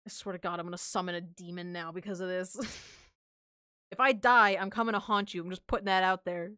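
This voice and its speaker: A woman's voice: lowish voice, steady tone, brisk, sharp tone, smooth, no room sound, studio quality. A young woman livestreaming, chatting casually with viewers in a giggly, rambling, self-deprecating way. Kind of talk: casual stream chat.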